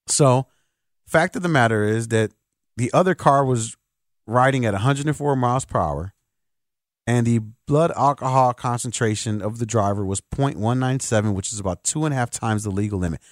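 A man's voice: mid-range voice, moderate pace, no echo, clean studio sound. A man hosting a sports talk radio show, giving opinionated, emphatic takes on the air.

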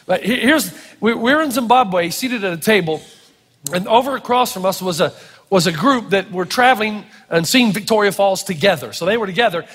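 Pastor guy, really high voice, lively playful sermon, big echoey church hall. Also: fairly quick, breathy edge. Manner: animated, playful preaching with acted-out quotes.

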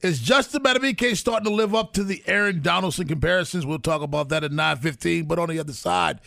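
A man's voice: a little high, fast, vocal fry, pushed and bright, dry recording, clean studio sound. A man hosting a sports radio show, wry and joking in casual banter.

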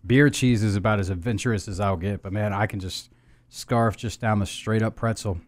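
Rambling casual beer podcast host. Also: male voice, on the low side, fairly even intonation, normal speed. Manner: rambling, many restarts and fillers. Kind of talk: casual chat.

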